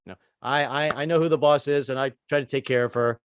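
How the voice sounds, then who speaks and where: A man's voice: medium pitch, steady tone, quick pace, clear, resonant tone. A man in his sixties doing a stand-up comedy set, rambling and self-deprecating with stammered restarts. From United States. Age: 60s.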